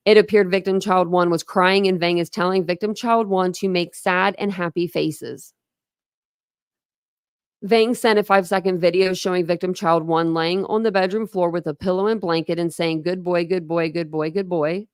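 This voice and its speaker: A woman's voice: lowish voice, steady tone, normal speed, smooth, no echo, studio quality. Upset woman reading case files live. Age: adult with a young son. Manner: conversational, full of "like" and restarts, openly upset. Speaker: true crime channel host. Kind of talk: live-stream reading of court documents with commentary.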